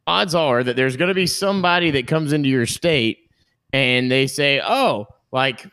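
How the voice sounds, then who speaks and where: A man's voice: mid-range voice, normal speed, fairly bright tone, clear, resonant tone, dry recording. A man co-hosting a sports podcast, folksy and joking. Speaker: podcast co-host. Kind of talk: casual sports chat.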